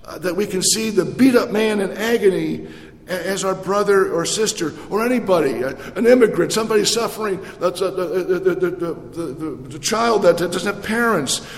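Echoey preaching man, halting but dramatic. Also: high-pitched, animated. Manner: halting restarts with dramatic storytelling. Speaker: priest. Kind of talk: sermon. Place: church. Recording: echoey church hall reverb.

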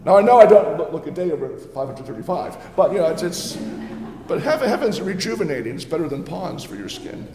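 A man with a highish, sing-song, warm voice speaks briskly as an actor playing a jovial, ancient Reformation preacher. His homely, earnest first-person sermon includes playful asides, captured in an echoey church hall with slight background noise.

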